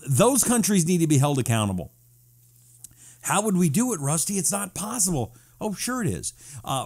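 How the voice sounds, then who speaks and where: A man's voice: fairly high pitch, darkish tone. A man hosting a casual live-stream talk show, sarcastic and wisecracking, reading out viewer comments.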